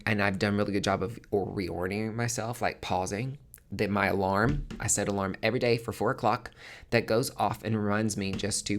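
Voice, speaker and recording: A man with a fairly low voice hosts his own podcast. He talks in a candid, casual monologue and swears freely. His delivery is loose and conversational. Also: a bit bright. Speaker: podcast host.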